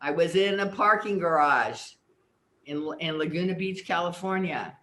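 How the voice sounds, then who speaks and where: A woman's voice: lowish voice, normal speed, a bit bright. An older woman, a guest on an interview show, earnestly explaining ideas and telling personal stories, sometimes repeating words as she recalls. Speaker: guest, personal development teacher. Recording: roomy echo.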